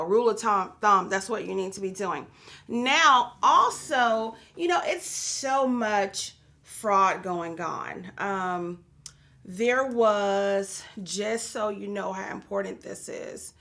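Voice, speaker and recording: A woman's voice: mid-range voice, vocal fry, fairly bright tone. A woman hosting a business and real estate show, talking casually and encouragingly to viewers with lots of fillers. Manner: chatty and encouraging, many fillers, addresses viewers as guys. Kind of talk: casual talk to the camera.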